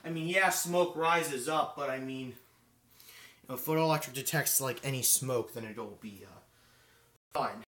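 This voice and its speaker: With long pauses and a measured pace, a man rambles on a live stream while busy with his hands, filling his talk with fillers as he thinks aloud. He's a fire alarm hobbyist with a mid-range, fairly bright voice. There's roomy echo plus a little hiss or hum.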